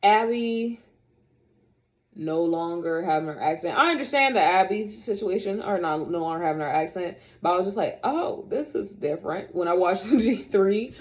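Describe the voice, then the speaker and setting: A woman's voice: on the low side, moderate pace, muffled recording. Sassy young woman ranting to camera. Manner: animated, sassy, talks straight to viewers. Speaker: vlogger reviewing dolls. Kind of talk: casual opinionated chat to camera.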